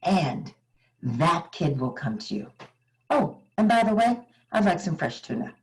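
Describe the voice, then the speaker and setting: A woman's voice: lowish voice, sing-song, a little slow, a little mellow. A woman voicing a wise pet cat. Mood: knowing. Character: wise female pet cat giving advice.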